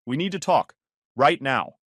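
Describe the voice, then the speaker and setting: A man voicing a drunk, furious young woman who yells at her ex and breaks into tears. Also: expressive, measured pace, dry recording, studio quality. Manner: shrill yelling, voice cracking. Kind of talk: storytelling voice acting.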